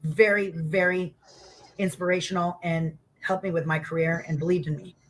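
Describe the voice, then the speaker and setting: A middle-aged woman, a former wrestler, telling stories in a casual interview, animated and acting out quotes, with casual swearing. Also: lowish voice, normal speed.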